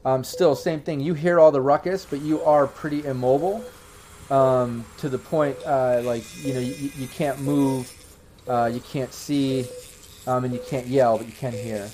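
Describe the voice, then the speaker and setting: A man's voice: medium pitch, steady tone, moderate pace, warm tone, a little hiss or hum. A man narrating as game master, rambling along with many fillers and restarts.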